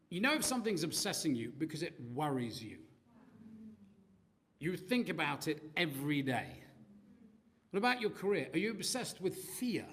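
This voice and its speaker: A man preaching a sermon, animated and joking, mixing asides and sound effects into his talk. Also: fairly high pitch. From Australia. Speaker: pastor.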